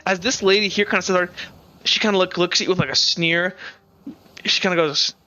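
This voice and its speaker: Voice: mid-range voice, steady tone, fairly quick, bright, forceful tone, lo-fi sound. A game master narrating a tabletop game in a rambling, filler-heavy way. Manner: rambling, lots of "kinda" and "like".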